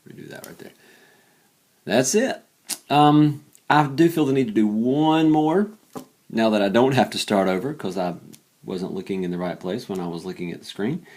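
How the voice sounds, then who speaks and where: Low-voiced male teacher, weary late-night energy, chatty and self-deprecating while solving equations out loud. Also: moderate pace. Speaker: math teacher. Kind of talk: casual worked-example math lesson.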